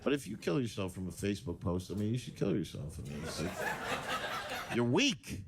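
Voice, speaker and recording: A man's voice: on the low side, very animated, fairly quick, gravelly, a crowd in the background. A man performing a stand-up set on a club stage with a crude, offhand delivery, into a handheld mic. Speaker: stand-up comedian. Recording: noisy live stage recording.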